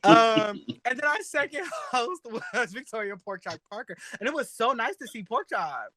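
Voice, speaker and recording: A man co-hosting a drag and pop culture show, chatting in a sassy, animated way and laughing often. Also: very high voice, moderate pace, no room sound. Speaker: podcast co-host. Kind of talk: casual chat.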